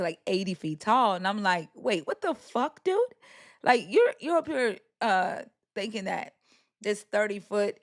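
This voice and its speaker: Woman, live-stream host, animated, laughing, swears freely, casual chat. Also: mid-range voice.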